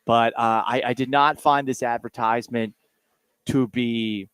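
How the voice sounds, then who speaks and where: A man's voice: medium pitch, fairly even intonation, unhurried, fairly bright tone, smooth, no echo. A man hosting a sports radio show, talking casually in a sarcastic, rambling, self-mocking way.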